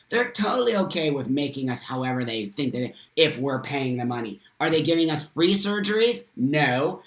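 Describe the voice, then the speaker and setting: A man's voice: a little high, fairly bright tone. A man hosting a live stream, reading viewer comments aloud and speaking passionately and emphatically, swearing freely. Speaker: livestream host. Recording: roomy echo.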